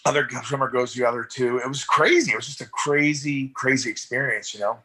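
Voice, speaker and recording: A man's voice: medium pitch, a little fast, crowd noise. A middle-aged man, a veteran rescue swimmer and paramedic, telling rambling stories in a casual interview and acting out the voices of the people in them. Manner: rambling, animated, acts out voices in anecdotes.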